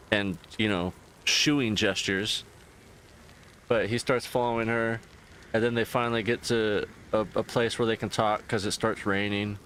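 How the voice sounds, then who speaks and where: A man streaming and chatting casually, ranting in a profane, rambling and animated way. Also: fairly low pitch, a little hiss or hum. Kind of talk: casual chat.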